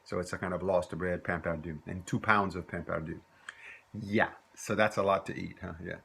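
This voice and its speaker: A man from teaches a recorded lesson, with a lowish, husky voice and a forceful edge. He explains patiently and step by step, repeating short example phrases. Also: steady tone, normal speed. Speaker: French teacher.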